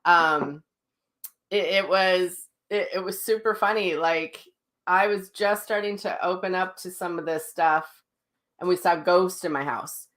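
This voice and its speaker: A woman's voice: lowish voice, measured pace. A woman teaching a live online class as a psychic medium, who tells stories animatedly, laughs often and answers viewer comments, speaking into a livestream mic at home. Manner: chatty, animated, laughs while telling stories. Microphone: livestream mic, sound sometimes cutting out.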